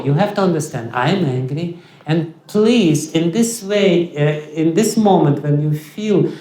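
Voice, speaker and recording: Russian-accented male teacher, high-ish voice, halting lecture, roomy echo. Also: a little mellow. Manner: halting, many fillers and restarts. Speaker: spiritual teacher. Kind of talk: lecture on scripture. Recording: echoey hall.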